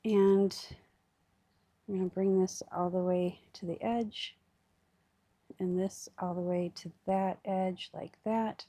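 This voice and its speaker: A woman's voice: medium pitch, fairly even intonation, slow pace, long pauses, dark tone, dry recording. A woman hosting a crafting livestream, chatting casually and thinking aloud with fillers as she works.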